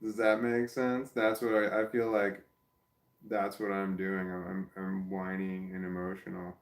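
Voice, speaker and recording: In a casual personal vlog, a man with a low voice speaks at a measured pace with flat delivery, reflecting on himself and rambling with broken-off, restarted sentences. He talks to his dog in soft baby-talk, and the audio has a roomy echo.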